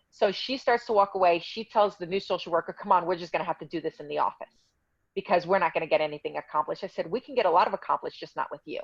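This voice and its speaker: A woman tells her own story in a casual interview, her voice on the lower side and her tone indignant and heated. The sound is dull and lo-fi. It is very dry, with no room at all. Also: fast, creaky, dry recording. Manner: heated, indignant retelling with quoted dialogue. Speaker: guest telling her story.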